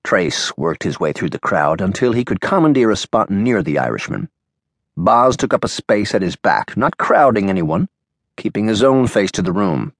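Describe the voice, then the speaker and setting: A male audiobook narrator with a low voice and lively, expressive pitch. He reads in a measured way. The studio recording is dry and close. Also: creaky, no room sound. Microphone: studio microphone.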